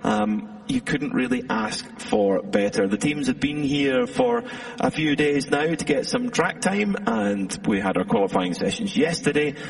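A man's voice: mid-range voice, huge pitch swings, a little slow, vocal fry, few pauses, slightly rough, recorded from a distance, rough recording. A man giving fluent, upbeat broadcast race commentary, setting the scene before the start.

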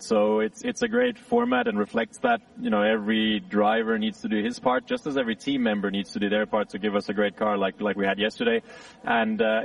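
A man, a racing driver, answering interview questions on the grid, pausing often with many uhs. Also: high-pitched, gravelly, no echo, recorded from a distance, low-quality recording. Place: outdoors on a race grid.

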